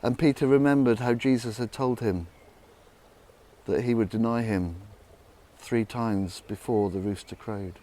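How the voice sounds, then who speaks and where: A man narrating a Bible story in a dramatic retelling style, dropping to hushed tones. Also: a little slow. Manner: dramatic, hushed low passages.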